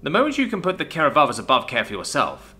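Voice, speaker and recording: A man doing a calm, measured human man. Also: fairly high pitch, soft background music, voice pushed up, exaggerated voice. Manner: measured, explanatory. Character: calm thoughtful human man among aliens.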